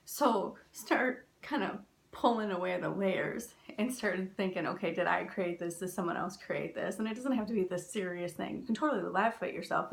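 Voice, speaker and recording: A woman from the United States, a spiritual teacher, talking in a casual, chatty way with lots of fillers and animated storytelling. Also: medium pitch, creaky.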